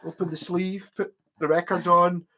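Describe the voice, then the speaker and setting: A man's voice: sits high, flat delivery, moderate pace, crowd noise. A Scottish man in his forties hosting a livestream, chatting casually and telling rambling anecdotes with a chuckle. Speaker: livestream host.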